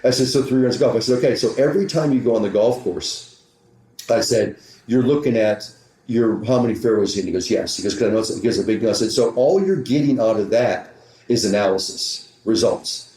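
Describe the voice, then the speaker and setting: Speaking in a mellow, lowish voice, a golf teaching professional recounts a conversation for a podcast interviewer, snapping between the lines of dialogue. Echo from the room is clearly audible.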